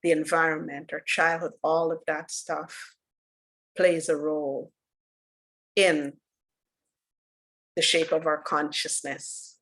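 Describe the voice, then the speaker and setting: A woman giving a dharma talk as a spiritual teacher, telling a story in an earnest, unhurried way that drops soft for solemn moments. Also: low-pitched, flat delivery, rough recording.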